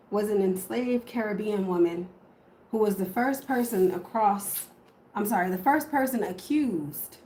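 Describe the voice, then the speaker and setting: A woman's voice: a little high, darkish tone, reverberant, slight background noise, poor audio. A woman giving a casual tarot reading to camera, swearing freely and correcting herself as she goes. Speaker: tarot reader.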